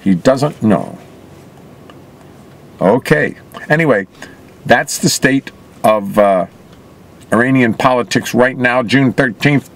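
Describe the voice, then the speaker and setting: A man's voice: mid-range voice, expressive, slow, vocal fry, pauses often. A man reading news reports aloud and adding wry, sarcastic asides of his own. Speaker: commentator. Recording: loud traffic noise outdoors.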